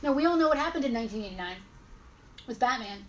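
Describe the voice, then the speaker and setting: A woman in her forties with a high, bright-sitting voice hosts a live-stream sale of old toys. She talks in a chatty, rambling way and catches and corrects herself as she goes. A faint hiss sits under her voice. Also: expressive, fast, dull audio. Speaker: host selling collectibles. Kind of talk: casual live-stream sales chat.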